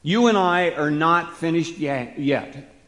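A man preaching a sermon as pastor, stressing key words loudly, then dropping to soft asides. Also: a little high, slow pace. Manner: emphatic, swings between loud stresses and soft asides. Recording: long hall reverb.

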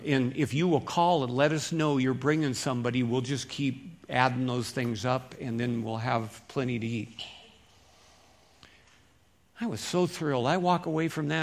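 A middle-aged man preaching a sermon as pastor, in a folksy, conversational way that swings between loud emphasis and quiet asides. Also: mid-range voice.

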